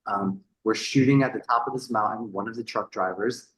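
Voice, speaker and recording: A man on a podcast, telling a story in a casual, animated way. He swears freely, repeats words and acts out the people he quotes. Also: on the low side, a little fast, reverberant, poor audio. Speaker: podcast guest.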